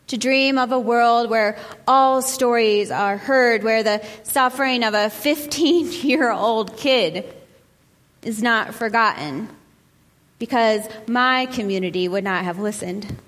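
A woman speaks earnestly and with measured emphasis, slowing down on the phrases that matter most. Her voice sits a little high. A long reverb trails each line, as if she stands in a large hall. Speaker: speaker reading a memoir aloud. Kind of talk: earnest reading and preaching.

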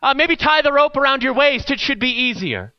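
A man voicing a stranger who speaks in a calm, polite but insistent way. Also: extremely high pitch, a little fast, lo-fi sound, voice pushed up.

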